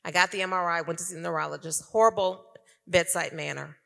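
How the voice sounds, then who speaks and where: A middle-aged woman tells her testimony to a conference crowd with a crisp, forceful tone and a gravelly edge. She is an animated storyteller who keeps turning to talk to the audience. Her stage mic carries a long echo through the hall. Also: lowish voice, fast. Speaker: conference speaker giving testimony. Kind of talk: personal testimony to a live audience.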